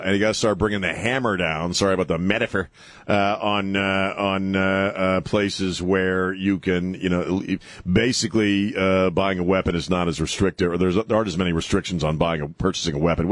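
Brief: man, radio host in the studio, lowish voice, dry close mic, sarcastic and rambling. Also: brisk, no room sound. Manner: rambling, sarcastic, self-interrupting, many fillers. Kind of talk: opinionated talk radio monologue. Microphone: studio microphone.

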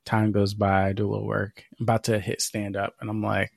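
Male podcast co-host with a gravelly edge and a dry, close mic, for loose, profane storytelling. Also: on the low side, completely flat delivery, a little fast, no echo. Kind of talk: casual chat.

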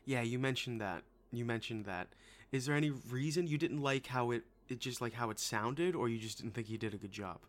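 A man's voice: medium pitch, fairly quick. A man co-hosting a casual movie review podcast, enthusiastic and swearing freely. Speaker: podcast co-host.

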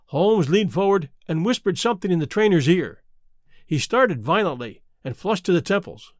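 A man narrating a classic detective story in a measured, expressive reading. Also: high-pitched, dry recording, studio quality. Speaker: audiobook reader.

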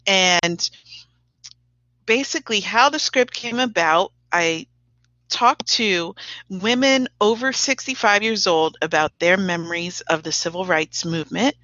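A woman teacher and playwright speaking as an interview guest, measured and laughing often. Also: fairly low pitch, pushed and bright, no room sound. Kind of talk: conversational interview. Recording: dull dry lo-fi recording.

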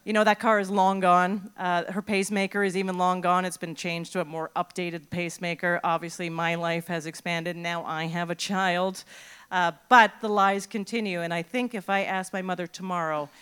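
Smooth-voiced woman telling a story. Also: fairly low pitch, normal speed. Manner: animated, self-mocking. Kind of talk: live storytelling.

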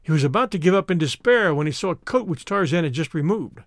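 Guy reading an adventure audiobook, high voice, really lively and expressive, dry close mic. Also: fast, no room sound. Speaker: audiobook narrator. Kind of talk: scripted narration.

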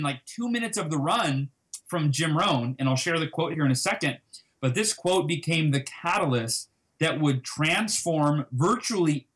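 A man telling a personal story as an interview guest, acting out past conversations with lively emphasis. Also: on the high side. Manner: animated, reenacts dialogue with emphasis.

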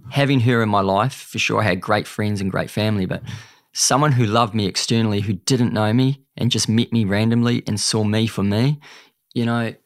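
Kiwi male guest, lowish gravelly voice, dry close mic, earnest and chatty. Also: fairly even intonation, moderate pace, dry recording. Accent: New Zealand. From New Zealand. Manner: earnest, chatty, calls the host mate. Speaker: podcast guest. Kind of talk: candid storytelling interview.

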